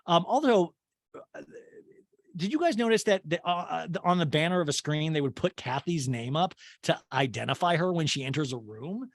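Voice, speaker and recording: A man from Kansas hosting a podcast, giving an animated, gossipy and crude comedic recap of a reality show. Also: a little high, moderate pace, no room sound, studio quality. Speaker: podcast host.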